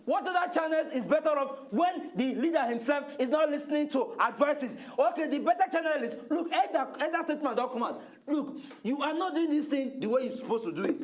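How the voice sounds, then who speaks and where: A man's voice: very high-pitched, expressive, brisk, few pauses. A Nigerian man co-hosting a political talk show, cutting in with challenging questions in Pidgin and English. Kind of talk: heated studio debate in Pidgin and English.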